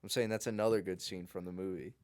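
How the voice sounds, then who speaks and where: Young male co-host, lower-pitched, crude joker who laughs often, casual podcast chat. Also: fairly even intonation, quick pace, darkish tone. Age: young adult. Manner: crude joking, laughs a lot.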